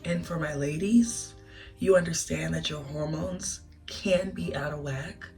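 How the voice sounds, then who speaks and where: A young woman telling a casual storytime vlog, animated and emotional, laughing through tears. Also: low voice, measured pace. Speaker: vlogger. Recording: distant mic with music behind.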